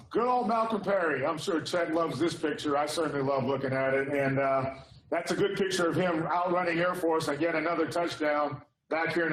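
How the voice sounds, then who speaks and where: A man's voice: fairly high pitch, roomy sound, rough recording. A man in his sixties, president of an alumni association, giving a casual, upbeat welcome address with frequent fillers. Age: 60s. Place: indoor hall.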